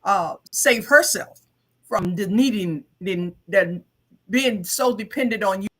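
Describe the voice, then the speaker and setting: A co-host on an advice show, giving earnest, halting counsel with frequent restarts and fillers. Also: mid-range voice, pushed and bright. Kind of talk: counseling talk.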